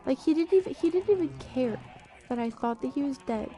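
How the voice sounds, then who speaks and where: A woman's voice: high voice, animated, a little fast, warm tone. A woman streamer chatting casually while gaming, telling a rambling story and losing her train of thought. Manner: rambling, easily distracted storytelling.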